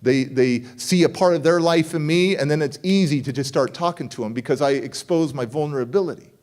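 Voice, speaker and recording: A middle-aged man giving a motivational speech and telling a story from his youth in an animated way, acting out the voices of the people in it. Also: on the high side, brisk. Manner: animated, acts out voices in dialogue. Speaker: motivational speaker.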